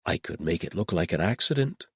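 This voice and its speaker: A man voicing a blunt, eager woman warrior with a deadpan delivery. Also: low voice, fairly quick, breathy edge, dry recording, studio quality, full character voice.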